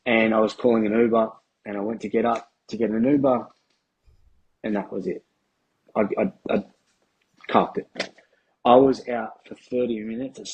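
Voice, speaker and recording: A man, a podcast guest telling a candid personal story in a casual, halting way with restarts and swearing. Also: fairly low pitch, flat delivery, a little mellow, slightly rough, rough recording. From Australia.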